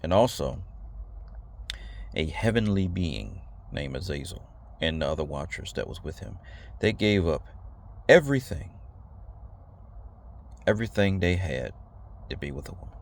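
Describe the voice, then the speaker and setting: Give me a low, gravelly man rambling bluntly to his audience, repeating himself. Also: sing-song, measured pace, pauses often, a little hiss or hum. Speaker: video host. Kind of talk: casual direct-to-camera talk.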